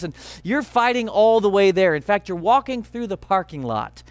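A male pastor preaching a sermon, earnest and emphatic, slowing down on key phrases. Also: high voice, expressive, no echo.

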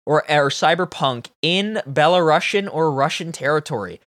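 Teasing young man, lively pitch. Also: normal speed, dry recording, clean studio sound. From Canada. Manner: teasing, laughing banter. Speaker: podcast co-host. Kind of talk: casual chat.

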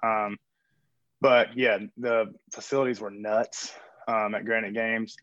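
A man's voice: fairly low pitch, flat delivery, slow, fairly bright tone, no room sound. A man talking as a coach and guest on a remote call from a gym, rambling and joking with lots of fillers. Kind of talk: casual interview chat. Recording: dull dry remote call audio.

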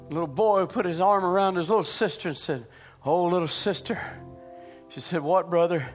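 A man preaching a sermon, dropping low and hushed and then climbing into loud, shouted preaching cadences. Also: moderate pace, faint music behind.

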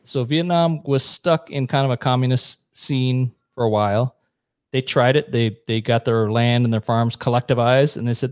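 A man's voice: mid-range voice, dry recording, studio quality. Blunt, profane man explaining history. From United States. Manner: blunt, profane, brisk storytelling. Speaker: podcast guest. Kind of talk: casual explanatory chat.

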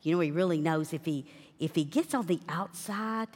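A woman's voice: sits low, moderate pace, a little mellow. A woman, hosting a faith talk show and telling about her guest in an affirming way. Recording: long hall reverb.

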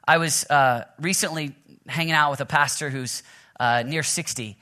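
A man in his thirties preaching a sermon, energetic and fast, often restarting his sentences. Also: on the high side. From Oklahoma. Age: 30s. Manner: energetic, fast, self-interrupting with restarts and laughs. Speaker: pastor.

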